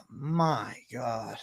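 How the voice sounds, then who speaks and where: A man's voice: medium pitch, vocal fry, fairly bright tone, slightly rough. A young man hosting a live stream, ranting casually with lots of swearing and exasperation. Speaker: host of a live betting stream.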